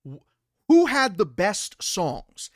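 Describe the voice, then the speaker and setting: A young man hosting a live stream, ranting with loud, profane bursts and reading out messages from chat. His voice sits high for a man and sounds close and dry, with no room around it. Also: wildly swooping pitch, slow, no room sound. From Italian heritage. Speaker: livestream host. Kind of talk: casual livestream commentary.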